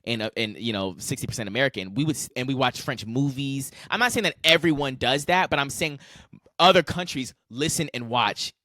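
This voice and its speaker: A young man co-hosting a casual podcast chat, animated and opinionated, rambling through his points. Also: medium pitch, brisk, dry recording. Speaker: podcast co-host.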